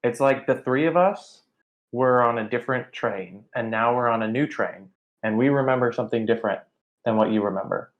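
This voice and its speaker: A player in a tabletop role-playing game, explaining something earnestly and haltingly in character. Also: medium pitch, highs cut off.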